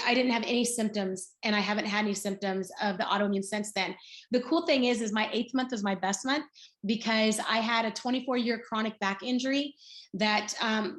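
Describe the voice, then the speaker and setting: A woman in her sixties shares her personal story on a video call, chatty and animated as she acts out the dialogue. Her voice sits a bit high. Her voice carries a noticeable room echo. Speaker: guest speaker. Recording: roomy echo.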